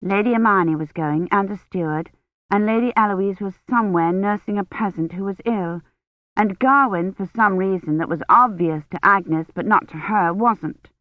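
A woman's voice: medium pitch, normal speed, no room sound. Woman narrating in a tinny voice. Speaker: audiobook narrator. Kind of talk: scripted narration. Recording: tinny phone-like sound, dry.

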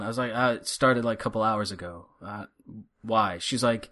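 A man's voice: medium pitch, expressive, brisk, pushed and bright. Wry middle-aged man telling a story. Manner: wry, sarcastic storyteller acting out quoted dialogue. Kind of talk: casual storytelling chat. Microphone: headphones and studio mic.

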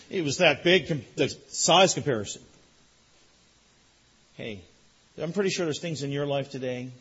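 A man preaching a sermon as a pastor, telling a lively story that builds in excitement. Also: a little high, slightly rough, lo-fi sound. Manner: animated storytelling, rising loud in excitement.

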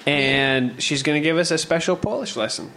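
Male podcast host, halting delivery, faint room hiss. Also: fairly high pitch, sharp tone. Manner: hesitant, filler-heavy. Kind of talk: casual chat.

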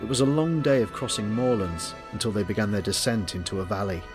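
A man presenting and narrating a story reading in a lively, expressive way. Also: on the low side, fast, music in the background. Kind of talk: scripted narration.

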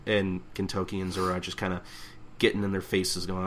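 A man's voice: low-pitched, completely flat delivery, a little fast. A young man co-hosting a podcast, casually retelling a manga chapter and acting out the characters' lines in raised voices. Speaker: podcast co-host. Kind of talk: casual manga recap chat.

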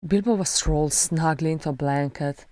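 A woman narrating a fan fiction audiobook in a slow, measured reading. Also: low-pitched, warm tone, no room sound. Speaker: audiobook reader.

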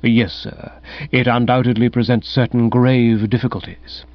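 A man voicing an unflappable manservant who speaks in a formal, measured, deferential way, lower than his narrating voice. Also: flat delivery, no echo, lightly acted. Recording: dull, dry recording.

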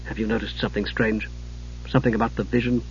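A man voicing a stern, grim male knight sub-commander who barks orders and turns low and tense in private, on a dull lo-fi recording. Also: brisk, bright, forceful tone, husky. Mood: low, grave.

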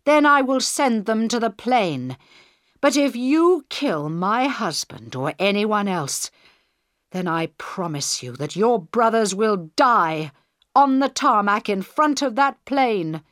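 A woman reading the part of a female prime minister in a crisis, loud, urgent and commanding. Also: mid-range voice, very animated, measured pace, no echo, clean studio sound, voice pushed up.

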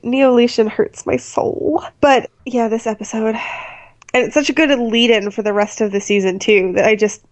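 A woman hosting a podcast in casual chat, animated and opinionated, quick to launch into a rant. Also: on the high side. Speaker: podcast host. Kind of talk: casual chat, TV episode discussion.

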